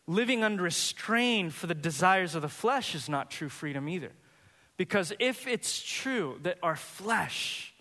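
A man preaching a sermon as pastor, earnest and building to animated, high-pitched emphasis. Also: big-room sound.

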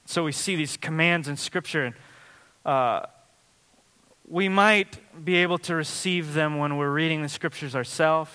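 A male pastor delivers a sermon in a relaxed, conversational way, peppering his stories with fillers. His voice sits a touch high and rings bright. The sound carries a long reverb, like a large church sanctuary. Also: measured pace, clear, resonant tone. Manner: conversational, storytelling with frequent fillers.

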